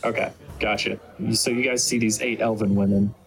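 A man's voice: fairly low pitch, steady tone, fairly quick, low-quality recording. A man narrating as game master, rambling with many fillers and restarts.

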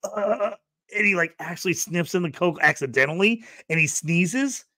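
A man hosting a casual movie review podcast, animated and laughing, acting out quotes in the talk. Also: sits high, normal speed, no echo. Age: adult who grew up in the eighties. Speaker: podcast host.

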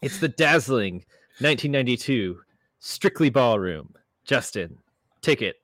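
A man's voice: medium pitch, animated, unhurried, fairly bright tone. A man hosting a casual podcast where two friends show each other films, joking at his own slips. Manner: self-deprecating, restarts intro. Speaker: podcast host.

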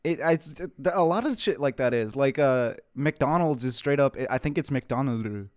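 Crude offhand young man, smooth voice. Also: mid-range voice, lively intonation, moderate pace. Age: young adult. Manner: crude, offhand, hesitant fillers. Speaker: podcast co-host. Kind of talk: casual chat.

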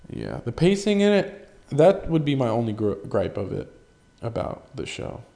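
A man's voice: mid-range voice, very animated, normal speed, gravelly, mellow. A man hosting a solo podcast in casual chat, rambling, swearing freely and joking at his own expense. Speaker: podcast host.

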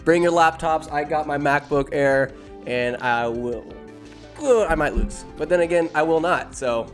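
A young man chats loosely and profanely as he ranks films, cracking self-deprecating jokes along the way. His voice sits a little high for a man. Faint music plays softly underneath. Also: measured pace. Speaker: solo movie-ranking streamer. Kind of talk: casual rambling commentary.

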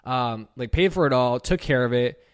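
A young man on his own podcast, recounting a personal story unscripted and heavy with swearing. He talks loosely, leaning on "like" and acting out both sides of the conversation, at a middle pitch. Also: normal speed, smooth. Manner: casual, profane, heavy use of "like"; animated retelling with quoted dialogue. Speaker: podcast host.

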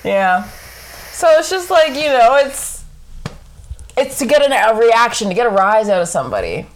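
A woman's voice: fairly high pitch, normal speed. A young woman on a casual podcast chat who tells stories with lots of laughter and swearing. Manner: laughs often, animated storytelling, swears freely.

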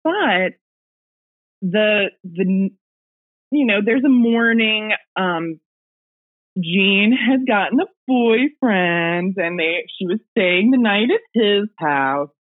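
A woman's voice: mid-range voice, expressive, slow. A woman guest casually telling a personal ghost story, rambling with fillers and little laughs, heard over a remote call. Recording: tinny phone-line audio.

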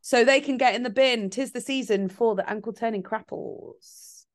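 A woman's voice: on the high side, normal speed. A woman co-hosting a podcast, chatting casually and often chiming in with short agreements. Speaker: podcast co-host. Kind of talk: casual chat.

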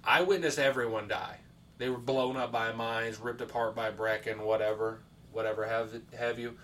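On a casual podcast, this co-host wanders through stories, cursing heavily and leaning on fillers. He speaks at a normal speed in a mid-range, slightly bright voice with fairly even intonation, recorded on a distant mic with a faint hiss behind him.

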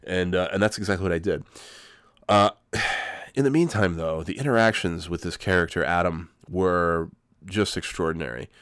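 A man's voice: deep voice, moderate pace, a bit bright, clean tone, dry recording, studio quality. A man in his forties with a cold, telling a rambling, profane story in a casual monologue. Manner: rambling, profane, self-correcting. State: has a cold.

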